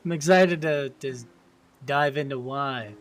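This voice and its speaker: A young man narrating a tabletop game as game master, descriptive and quick to laugh. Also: mid-range voice.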